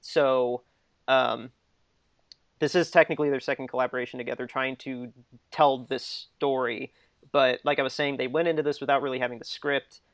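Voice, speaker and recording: A man's voice: medium pitch, steady tone, moderate pace, no room sound. A man co-hosting a casual film discussion, chatty, laughing often and restarting his sentences. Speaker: podcast co-host.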